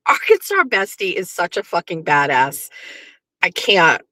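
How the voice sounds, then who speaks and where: Bright-voiced chatty woman host. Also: on the low side, huge pitch swings, measured pace, no room sound. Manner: chatty, swears, talks back to the chat. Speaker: livestream show host. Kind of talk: casual chat to live viewers.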